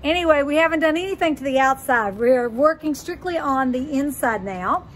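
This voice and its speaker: A woman's voice: high-pitched, animated, moderate pace, slight background noise. A middle-aged woman giving an enthusiastic, chatty walkthrough of a house she is renovating, filmed on a handheld phone. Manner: chatty, enthusiastic, with frequent ums. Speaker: real estate investor vlogger. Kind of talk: casual walkthrough vlog. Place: empty gutted house, indoors. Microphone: handheld phone camera.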